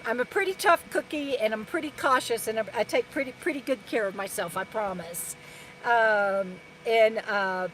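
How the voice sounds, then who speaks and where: A woman's voice: fairly high pitch, a little hiss or hum, low-quality recording. A woman from Texas, hosting a casual live stream from her camper and reading out viewer comments in a rambling, chatty way full of restarts and fillers. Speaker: RV lifestyle vlogger.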